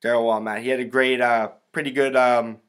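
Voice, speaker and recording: A young man from the United States talks his way through a soccer preview on his own show, swearing freely and wandering off on tangents. His voice has a bright, forward edge, and his delivery is blunt and unpolished. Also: mid-range voice, level tone, a little fast, smooth. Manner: profane, rambling, blunt. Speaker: podcast host. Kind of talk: casual solo sports commentary.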